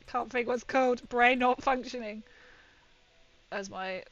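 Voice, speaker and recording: A woman's voice: fairly high pitch, a little slow, highs cut off. Chatty woman, faint music. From Britain. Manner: rambling, giggly, chatty with viewers. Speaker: miniature painter streaming to viewers. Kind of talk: casual chat while painting.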